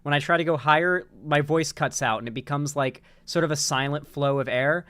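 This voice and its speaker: A man's voice: on the high side, fairly quick, a bit bright, smooth, no room sound. A man hosting a casual online commentary show, rambling loosely with lots of restarts and casual swearing. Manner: rambling, many restarts and fillers, swears freely. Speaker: political commentary host.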